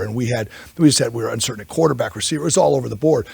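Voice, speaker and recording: Very raspy, fast-talking man. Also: mid-range voice, a little mellow, dry recording. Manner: rambling storyteller, candid, self-interrupting. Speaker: offensive line coach. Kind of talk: press conference answers.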